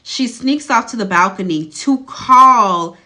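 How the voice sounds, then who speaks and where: A woman host recaps a show in a relaxed, gossipy storytelling voice. Her tone is bright and clear, and her talk is loose and colloquial, as if she is telling a friend the latest drama. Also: fairly high pitch, slow pace. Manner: chatty and colloquial, lively gossip tone. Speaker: video host recapping a TV episode.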